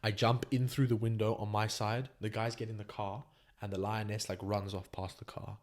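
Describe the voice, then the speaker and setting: A young man from Botswana with a fairly low voice tells a story as a podcast guest. He talks casually, with lots of energy and slang, and keeps calling people "bro.". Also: little pitch movement, normal speed.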